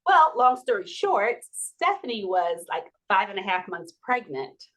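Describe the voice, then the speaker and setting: At a measured pace and in a mid-range voice, a woman in her forties tells a podcast audience a personal story. She stays animated, laughing and playing out the quoted dialogue.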